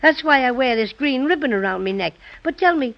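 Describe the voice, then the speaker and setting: Tiny friendly teddy bear, Irish brogue, high voice, unhurried, old muffled radio sound. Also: male voice, animated, vocal fry, exaggerated voice. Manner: sings a slow growling rhyme, then chats kindly. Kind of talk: 1930s radio acting. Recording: dull old radio recording.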